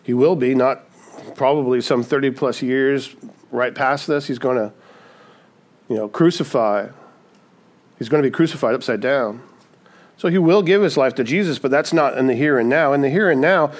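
A man's voice: on the high side, normal speed. A man preaching a sermon, often asking "right?" and acting out the people he quotes. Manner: acts out quoted voices, frequent "right?". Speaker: pastor.

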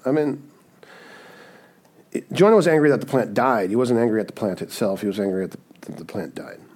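A man preaching a sermon, animated and conversational, often checking in with "right?" and acting out scenes. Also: fairly low pitch, fairly quick.

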